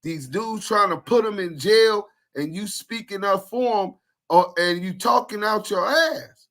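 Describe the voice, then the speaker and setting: A man's voice: sits high, a little slow, a bit bright. A man co-hosting a podcast in casual chat, blunt and confrontational with a lot of street slang. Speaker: podcast co-host.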